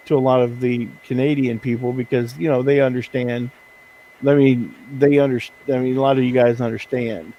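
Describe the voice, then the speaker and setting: A man chatting casually as he works, rambling and chuckling through his points. His voice sits at an everyday middle pitch. He trips over his words and restarts often. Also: mellow, low-quality recording. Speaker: streamer host. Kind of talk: casual chat while working. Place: indoors at a work desk.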